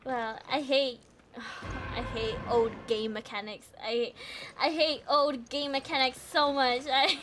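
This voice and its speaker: A young woman streaming a game, talking excitably and panicky, laughing and swearing often. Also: high voice, slow pace, a little hiss or hum. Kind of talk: live gameplay commentary. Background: game music.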